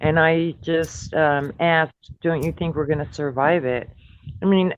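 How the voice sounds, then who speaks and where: A man's voice: a little high, steady tone, unhurried, slight background noise. A man in his fifties speaking earnestly in a casual group voice chat, rambling with a defiant streak. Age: 50s. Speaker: chat participant. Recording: dull lo-fi online call audio.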